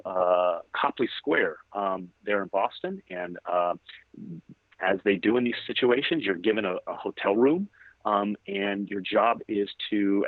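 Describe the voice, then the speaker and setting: A man of about forty, a photographer, tells a story in a relaxed, meandering way. His voice sits on the low side. The sound is thin and phone-like over a video call, with no room echo at all. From California. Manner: relaxed, rambling anecdotes. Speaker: photographer guest. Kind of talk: interview storytelling. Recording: tinny, dry phone-like line.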